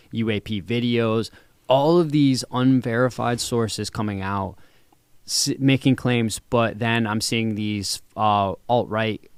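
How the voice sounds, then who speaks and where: A young man co-hosting a podcast, thinking out loud in a measured, hedging way with plenty of fillers. His mid-pitched voice is smooth and clean, recorded close with no room sound. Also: no echo. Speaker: podcast co-host. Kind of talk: casual chat.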